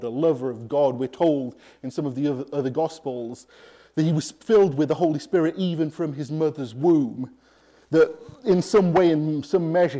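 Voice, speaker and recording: A man preaching a sermon, emphatic and pausing deliberately between phrases. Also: medium pitch, warm tone.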